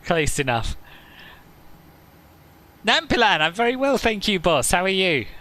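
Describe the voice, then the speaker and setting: A man's voice: high-pitched, big pitch swings, unhurried, sharp tone. A man hosting a flight simulator live stream, chatting casually, answering viewers' comments and laughing often.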